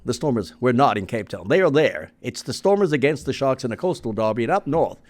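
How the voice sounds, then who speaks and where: A man's voice: medium pitch, big pitch swings, fairly quick. A man hosting a rugby podcast in casual, teasing chat, laughing often.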